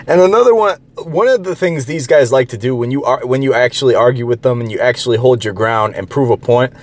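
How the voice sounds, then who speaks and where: A man's voice: mid-range voice, fairly quick. A man ranting in a profane monologue, heated and derisive, rambling with many restarts and filler words. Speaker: online commentator.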